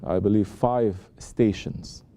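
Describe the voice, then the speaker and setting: A man, a sheikh, giving an unhurried sermon and often checking in with his listeners with rhetorical questions. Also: fairly low pitch, fairly even intonation, warm tone. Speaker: sheikh giving a talk at a Sufi lodge.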